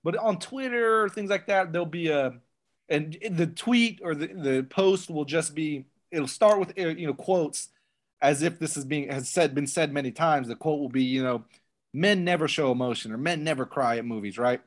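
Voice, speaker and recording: A young man in casual podcast chat, animated and sarcastic, often restarting his sentences. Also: a little high, moderate pace. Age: young adult. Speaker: podcast co-host.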